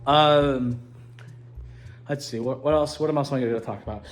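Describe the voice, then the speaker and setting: A young man giving a casual video diary update, excited and rambling with lots of fillers and restarts. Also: mid-range voice, normal speed. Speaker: vlogger planning a party.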